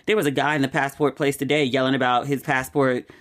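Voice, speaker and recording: A woman hosting her own podcast, talking casually and candidly with frequent "like" asides, and getting emotional and animated over personal news. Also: a bass voice, fast talker. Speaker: podcast host. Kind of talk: casual chatty monologue.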